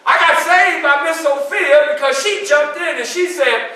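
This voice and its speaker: A man's voice: very high-pitched, unhurried, pushed and bright, full character voice. A man performing as Frederick Douglass in a one-man historical storytelling show, dramatically addressing the audience in a library room. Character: Frederick Douglass, man recounting his enslavement. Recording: echoey room from far off.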